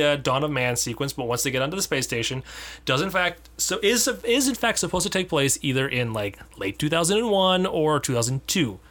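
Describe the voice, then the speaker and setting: A man co-hosts a loose film chat, cracking jokes, laughing often and restarting his sentences. His voice is bright and rises and falls a great deal. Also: fairly high pitch. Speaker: podcast co-host. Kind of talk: casual chat.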